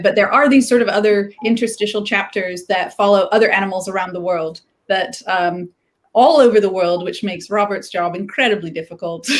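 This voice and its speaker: A woman author chatting casually in an interview, hesitant, with many fillers and restarts. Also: mid-range voice.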